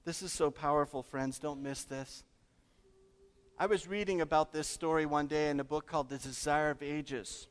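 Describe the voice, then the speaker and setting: A man preaches a sermon to his congregation, emphatic and questioning. His voice sits a little high for a man. The sound rings with long church reverb. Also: fairly even intonation, normal speed, smooth. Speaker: pastor.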